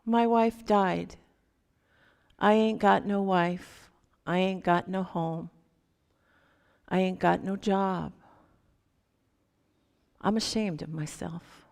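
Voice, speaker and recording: A woman voicing a drunken, down-and-out male laborer who talks rough and blunt. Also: lowish voice, fairly even intonation, slow pace, pauses often, darkish tone. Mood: ashamed. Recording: long hall reverb.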